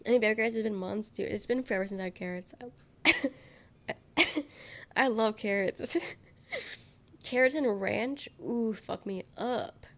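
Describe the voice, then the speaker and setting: A woman's voice: on the high side, unhurried, long pauses. A young woman with a nasal, under-the-weather voice, rambling through casual chat with her live viewers, giggling and swearing freely. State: sick, congested. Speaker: live streamer.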